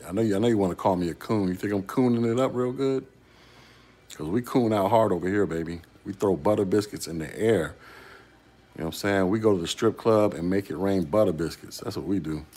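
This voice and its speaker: Deep-voiced male YouTube host, casual chat, rhetorical and conversational. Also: brisk, dark tone, husky. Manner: conversational, rhetorical questions to a commenter. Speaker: YouTube commentator.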